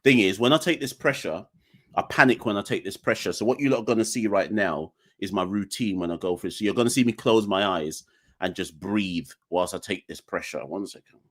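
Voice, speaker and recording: A man's voice: on the low side, a little fast. A young man, hosting a live call-in podcast in a defiant, joking, ranting manner. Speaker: podcast host. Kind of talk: live call-in show chat.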